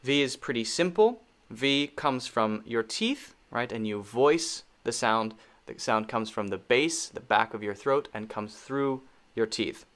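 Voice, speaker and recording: Male pronunciation teacher, slow and deliberate, mid-pitched, patient, repeats every word. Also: lively intonation, fairly bright tone. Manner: patient, repeats words many times for learners.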